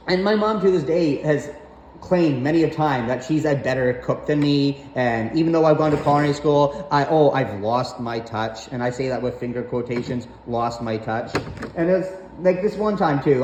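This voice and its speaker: A man's voice: on the high side, echoey room, slight background noise, low-quality recording. A man telling a rant-filled personal story, swearing often and sounding exasperated. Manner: profane, animated, exasperated.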